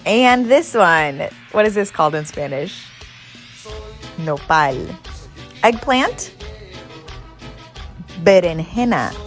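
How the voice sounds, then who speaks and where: An encouraging woman quizzes viewers on words, her pitch moving a lot as she speaks slowly. Faint music plays underneath. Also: fairly bright tone. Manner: upbeat, encouraging quizmaster. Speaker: Spanish teacher. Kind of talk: quiz-style vocabulary lesson.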